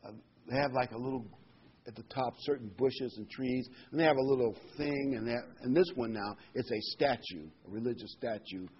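A man's voice: medium pitch, moderate pace. Male preacher, easygoing sermon delivery, repeats words for emphasis, muffled lo-fi recording with faint hiss. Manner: conversational preaching with fillers and emphatic repetition. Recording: dull lo-fi sound with faint noise.

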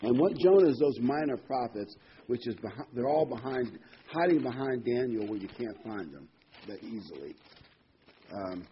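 A man's voice: medium pitch, animated, moderate pace, slight background noise. Casual, chatty male preacher. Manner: conversational and digressive, reads scripture aloud. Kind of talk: informal Bible teaching. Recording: dull lo-fi recording.

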